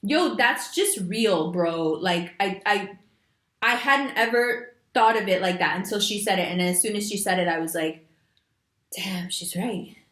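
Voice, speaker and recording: A woman giving a monthly astrology reading, talking straight to her viewers in an animated, emphatic way with casual slang. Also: medium pitch, moderate pace, roomy sound. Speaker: astrology reader. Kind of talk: monthly horoscope reading to camera.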